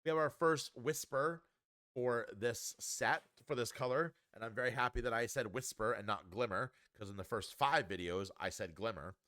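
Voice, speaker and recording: An upbeat man talks through a card game review in a relaxed, chatty way, often pausing on an um or restarting a phrase. His voice sits in an ordinary middle pitch for a man. The sound is dry and close, with no room around it. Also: no echo. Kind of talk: casual spoken card review.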